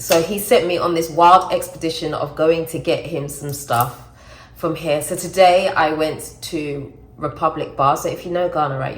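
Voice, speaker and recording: A woman chatting casually to camera in a vlog, animated and self-mocking as she shares her news. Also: low-pitched, reverberant. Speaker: vlogger.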